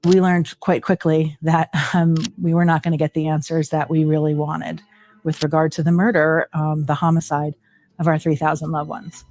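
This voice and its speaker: Flat-voiced woman giving halting testimony. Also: low voice. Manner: halting, with many fillers and restarts. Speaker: interviewee, widow of a victim. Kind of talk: documentary interview testimony.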